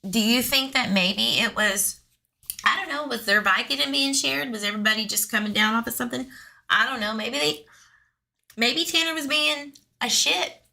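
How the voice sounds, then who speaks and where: A woman's voice: a little high, brisk, vocal fry, pushed and bright. A woman hosting a true crime channel, reading police documents aloud and breaking off into sarcastic, chatty asides to her viewers.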